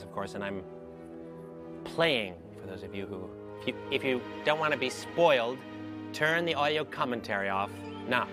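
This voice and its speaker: Man, audio commentary, joking and rambling, lots of uhs, episode music underneath. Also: fairly low pitch. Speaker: actor giving episode commentary. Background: episode soundtrack under commentary.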